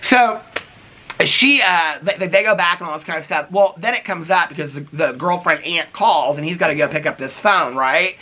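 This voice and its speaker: Man, TV reaction vlogger, sassy and expressive, bright tone. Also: a little high, normal speed. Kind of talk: casual chat recapping a reality show.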